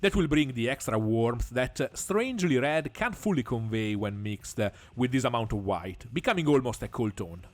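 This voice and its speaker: A man giving a scripted painting tutorial, measured and explanatory, with frequent small pauses and the odd dry aside. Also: mid-range voice, animated.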